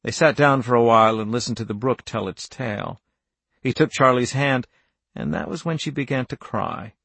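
Male narrator for a novel, gravelly mid-range voice, even and measured, dry booth sound. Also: mid-range voice, no room sound. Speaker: audiobook narrator.

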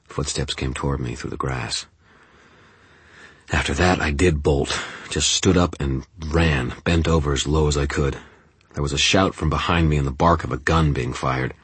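Male audiobook narrator, first-person, tense and steady, very deep voice, husky, dry close mic. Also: normal speed, no echo.

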